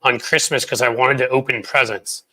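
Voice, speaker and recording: A man's voice: mid-range voice, fairly even intonation, moderate pace, bright, forceful tone. A man in his forties hosting a casual political chat show, blunt and profane, rambling through his stories. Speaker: host.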